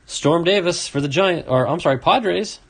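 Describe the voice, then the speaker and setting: A man's voice: on the high side, normal speed, gravelly, slightly rough. A man hosting a casual card-opening video, reading off names and chatting to a viewer. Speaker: card collecting video host. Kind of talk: casual box-opening commentary.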